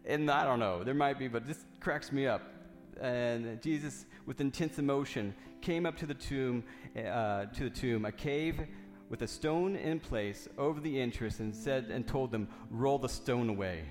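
A man's voice: medium pitch, normal speed, few pauses, big-room sound, faint music behind. A man reading scripture and preaching a sermon, building to fervent repeated questions. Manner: reads scripture then preaches with rising fervor, repeating lines.

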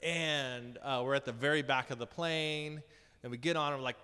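Male preacher, sermon with funny personal stories, self-deprecating, mid-range voice, clear and resonant, long hall reverb. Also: mid-range voice, fairly quick. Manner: animated, self-deprecating storyteller who laughs often. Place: large church hall.

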